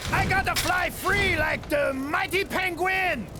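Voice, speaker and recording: An actor voicing a smooth, scheming male con man, in an adult cartoon. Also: very high voice, slow, raised voice, noisy background.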